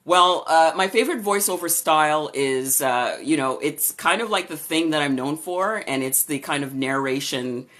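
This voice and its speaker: A woman voice-over artist with a low voice, casually chatting on a live stream and greeting viewers by name as she answers their questions. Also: normal speed, hardly any pauses, fairly bright tone. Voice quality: low-registering voice. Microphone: camera or phone for a live stream.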